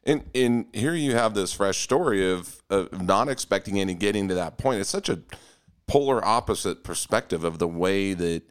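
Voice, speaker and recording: Deep smooth-voiced guy hosting a podcast, thinking out loud, pretty low. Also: expressive, normal speed. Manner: reflective, thinks aloud with restarts. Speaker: podcast host. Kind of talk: conversational interview.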